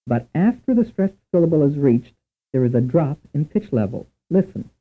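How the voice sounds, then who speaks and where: A man reading scripted instructions for a language course in a measured, precise lecturing manner. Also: on the high side, very animated. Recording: tinny narrow-band recording.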